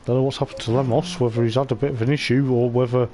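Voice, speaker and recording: A man with a mid-range, mellow voice talks fast with flat delivery, giving chatty, meandering live commentary on an online racing league event. Race car engine sounds from the game are clearly audible behind him.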